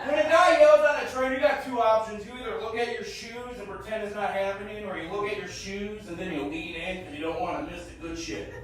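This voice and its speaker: A man in his thirties performs a stand-up set, his voice sitting unusually high. He swings from animated, shouted bits to low, mumbled throwaway lines. The sound is heavily echoey and picked up from some distance. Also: a little fast, few pauses. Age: 30s. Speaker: stand-up comedian. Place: comedy festival stage. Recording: very echoey room, mic at a distance.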